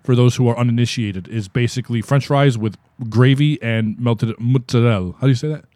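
A man's voice: mid-range voice, brisk, warm tone, dry recording. A man co-hosting a podcast, chatting casually in a rambling, profane way. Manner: rambling, profane, laid-back. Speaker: podcast co-host. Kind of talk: casual chat.

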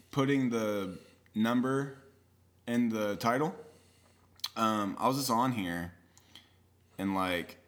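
A man hosting a casual podcast, telling a profane anecdote in an animated way. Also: on the low side. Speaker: podcast host. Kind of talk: casual chat, storytelling.

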